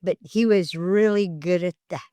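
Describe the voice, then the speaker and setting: An older woman from Alaska, an elder telling family stories in an interview, slow and gentle, acting out the dialogue. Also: lowish voice, no room sound. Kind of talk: storytelling in an interview.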